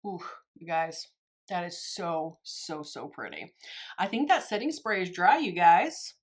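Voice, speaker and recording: In a fairly low, animated voice at a slightly slow pace, a married adult beauty YouTuber talks casually while applying makeup for her viewers. Her tutorial chat wanders, full of self-mockery and frequent laughter.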